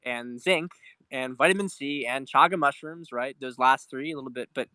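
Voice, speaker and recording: A man talks through a casual political livestream, reading viewer questions and rambling as he goes. His voice is bright and forceful. He swears freely and restarts his sentences. The recording is dry and close, with no room sound. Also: medium pitch, moderate pace, clean tone, dry recording. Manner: rambling, profane, repeats words and restarts; reads viewer questions aloud. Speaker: livestream host.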